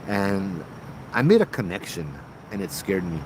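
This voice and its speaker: A man's voice: low-pitched, sing-song, unhurried, noisy background. A man with a Hawaiian Pidgin accent hosting a casual livestream, telling stories and reading out viewer comments. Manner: chatty, reads viewer comments aloud, frequent "right?". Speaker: paranormal show host.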